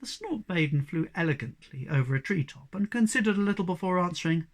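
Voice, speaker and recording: A reader giving an expressive storybook reading aloud. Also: mid-range voice, quick pace. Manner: expressive, varied delivery.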